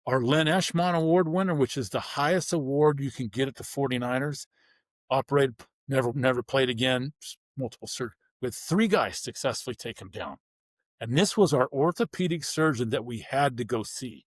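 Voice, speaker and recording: A man's voice: mid-range voice, normal speed, dry recording. A man telling his story bluntly in an interview, acting out the people he quotes. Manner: vivid, blunt storytelling with acted-out dialogue. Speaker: guest, former pro football player.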